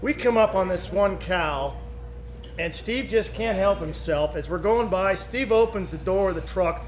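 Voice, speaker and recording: High-voiced man spinning an old tale. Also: a little slow, a crowd in the background. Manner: vivid, punchy play-by-play recounting. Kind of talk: casual storytelling. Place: birthday gathering.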